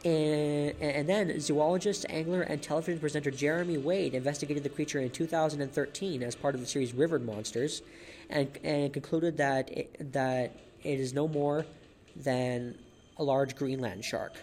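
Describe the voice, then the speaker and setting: A man hosts a solo podcast, casually narrating facts in a fairly high, steady, slightly mellow voice at normal speed. He stumbles a lot, restarts sentences, repeats words, and chuckles at his own jokes.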